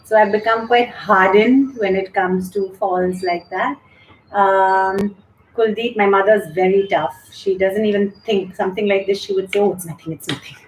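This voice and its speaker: A woman's voice: medium pitch, steady tone, a little slow, slight background noise. A middle-aged woman hosting a live stream, chatting candidly and thanking viewers as she reads their comments aloud. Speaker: show host and yoga instructor. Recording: echoey room.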